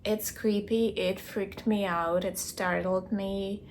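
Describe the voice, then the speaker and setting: A young woman keeping a video diary, recounting a dream in a hesitant way, searching for words and filling pauses with "like". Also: medium pitch, fairly even intonation, slight background noise. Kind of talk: casual personal storytelling.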